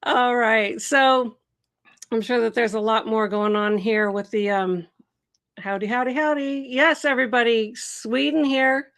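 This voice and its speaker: A woman's voice: fairly high pitch, measured pace, fairly bright tone, clean tone. A middle-aged woman from the Seattle area hosting a live Q&A stream, bubbly and laughing often as she greets viewers and reads their comments. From Seattle area, USA. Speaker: host.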